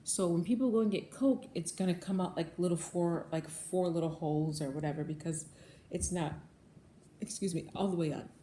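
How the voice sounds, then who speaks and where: A woman's voice: fairly low pitch, normal speed, mellow. A woman who manages a bagel shop, telling a story to her viewers in a casual vlog, earnest and repetitive, often calling them guys. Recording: echoey room, faint background noise.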